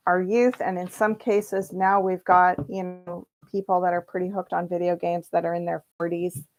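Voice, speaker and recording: A woman with a slightly low voice gives a livestream tarot reading at an unhurried, drawn-out pace. She is chatty and animated, laughs often, and slips into playful voices when she quotes people. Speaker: tarot reader.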